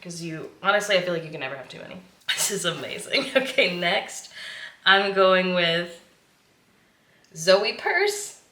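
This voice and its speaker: Gushing woman vlogger, bright voice. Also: fairly low pitch, normal speed. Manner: gushing, chatty, laughs often. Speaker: sewing vlogger. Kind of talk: casual vlog chat. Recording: echoey room, faint noise.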